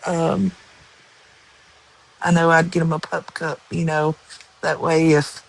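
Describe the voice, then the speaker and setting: A woman's voice: low-pitched, level tone, vocal fry, poor audio. A woman chatting casually and rambling to viewers on a live stream. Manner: slow, rambling, with many ums and likes.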